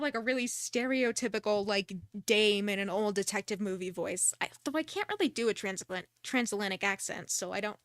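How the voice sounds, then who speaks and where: A woman's voice: mid-range voice, a little fast, hardly any pauses, dry recording, studio quality. A young woman streaming a detective game, chatting casually, second-guessing herself aloud, and reading the dialogue. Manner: chatty, self-deprecating, talks through her choices.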